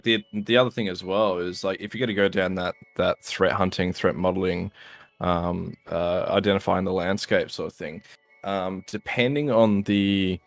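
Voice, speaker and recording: Deep gravelly man, halting chat. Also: no room sound. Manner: halting, many fillers. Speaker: guest in a live voice chat. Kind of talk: casual chat.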